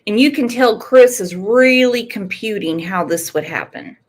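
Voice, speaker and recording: Slow, earnest woman hosting true crime talk. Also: mid-range voice, expressive. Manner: slow, earnest, talks straight to viewers. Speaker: true crime channel host. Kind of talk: casual commentary on a livestream.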